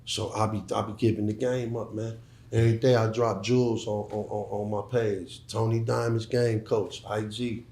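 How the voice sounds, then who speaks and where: A man's voice: on the low side, flat delivery, normal speed, a little mellow, echoey room. A middle-aged man speaking as an interview guest, emphatic and profane, often repeating words as he starts a sentence. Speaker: guest, former hustler turned entrepreneur. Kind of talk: casual interview talk.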